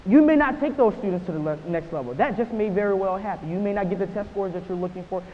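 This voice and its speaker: A man's voice: high voice, quick pace. A man in his twenties gives a motivational keynote, repeating lines and checking in with the audience with "right?". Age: 20s. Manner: punchy, repeats phrases and asks "right?". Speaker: motivational speaker. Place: large hall. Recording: echoey hall, dull sound, hiss.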